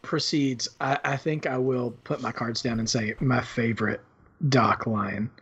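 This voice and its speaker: A man's voice: mid-range voice, steady tone, a little slow, fairly bright tone, husky, lo-fi sound. A man hosting a podcast, talking about films in a casual, rambling way with lots of fillers and restarts. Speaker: podcast host. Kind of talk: casual film discussion.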